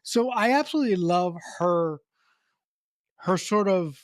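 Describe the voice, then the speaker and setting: A podcast co-host in casual film discussion, talking haltingly with many repeated words and restarts. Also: medium pitch, expressive, no room sound, clean studio sound.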